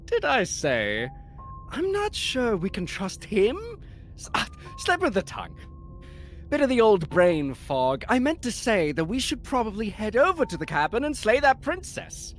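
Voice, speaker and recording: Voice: medium pitch, soft background music. A streamer voicing the player's wary, sly inner voice in a game read-through. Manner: animated, sly, quick to backpedal. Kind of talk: reading a game aloud.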